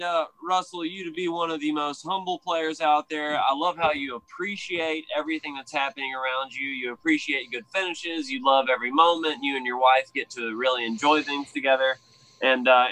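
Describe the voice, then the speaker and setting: Bright, rambling Southern American man. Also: on the high side, fairly even intonation, normal speed, low-quality recording. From Southern United States. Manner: rambling, filler-heavy and enthusiastic. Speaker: podcast co-host. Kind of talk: casual podcast chat.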